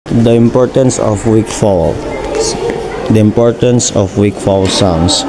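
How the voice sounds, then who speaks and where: Man stumbling through a lesson over street noise. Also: fairly low pitch. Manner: halting reading with stumbles and restarts. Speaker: student presenter. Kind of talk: reading a pronunciation lesson.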